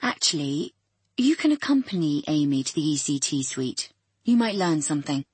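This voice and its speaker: A woman's voice: deep voice, big pitch swings, normal speed, a little mellow, slightly rough, no room sound, full character voice. A woman voicing a condescending, sarcastic male psychiatrist in an audiobook. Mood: curt. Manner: sarcastic, belittling.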